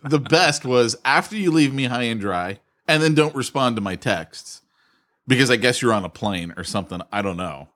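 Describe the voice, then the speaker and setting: A man's voice: mid-range voice, expressive, normal speed, fairly bright tone. A man hosting a podcast, teasing his co-host in mock complaint and laughing often. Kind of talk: casual banter.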